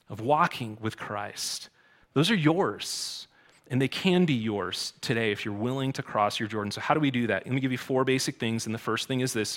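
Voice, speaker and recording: A man preaching a sermon in a conversational way, dropping to quiet asides and rising to loud exhortations. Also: fairly high pitch. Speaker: pastor.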